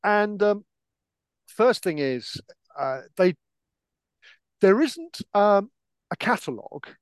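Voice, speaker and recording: A man's voice: high voice, big pitch swings, slow, clean tone, no room sound. An older man from Britain, a historian co-hosting a podcast, telling archive anecdotes in a hesitant, restarting way. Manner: hesitant, many restarts and fillers. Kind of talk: casual anecdotal chat.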